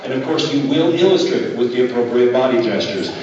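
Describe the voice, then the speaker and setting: A man working as a stage hypnotist, giving slow, deliberate suggestions with repeated phrases during a live show in a school auditorium. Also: medium pitch, lively intonation, a little mellow, slight background noise. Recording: distant, echoey, dull hall recording.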